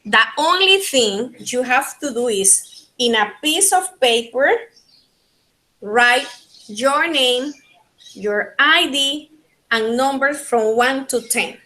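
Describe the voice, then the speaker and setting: A woman with a Panamanian Spanish accent teaching an online linguistics class in English, her second language, repeating key points slowly. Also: high voice, expressive, bright, forceful tone, rough recording. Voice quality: slow, repetitive teaching delivery. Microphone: video call.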